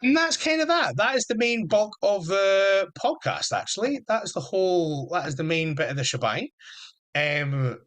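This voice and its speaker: A man's voice: sits high, sing-song, normal speed, fairly bright tone. A young adult man hosting a solo podcast, talking in an enthusiastic, rambling fan manner. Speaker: podcast host. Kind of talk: casual solo podcast chat.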